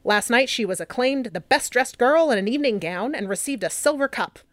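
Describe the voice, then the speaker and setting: A woman's voice: on the high side, lively intonation, a little fast, a bit bright, no room sound. A woman voicing an old-timey 1920s newspaper announcer, grand and formal.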